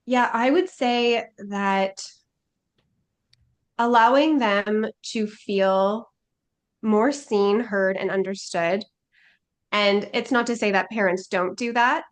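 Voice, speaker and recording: A woman's voice: mid-range voice, slow, long pauses. A woman life coach talking as a podcast guest, with a mid-range voice. She speaks earnestly and thoughtfully and fills her sentences with casual likes. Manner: earnest and reflective, many filler likes. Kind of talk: casual interview chat.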